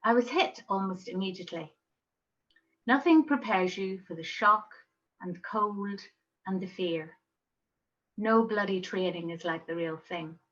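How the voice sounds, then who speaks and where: A woman voicing a young wounded man recounting his ordeal in a calm, matter-of-fact way. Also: mid-range voice, a little slow, pauses often, dull audio, lightly acted.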